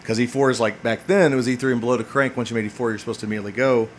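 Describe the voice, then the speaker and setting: A man's voice: mid-range voice, very fast, slight background noise. A man in his forties, a Navy veteran hosting a podcast, who tells a rambling story full of swearing, fillers and restarts. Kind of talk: casual storytelling monologue.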